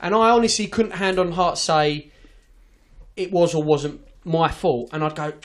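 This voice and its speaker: A man's voice: a little high, unhurried. A man hosting a podcast, telling an office story in a sweary, ranting, casual way. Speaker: podcast host.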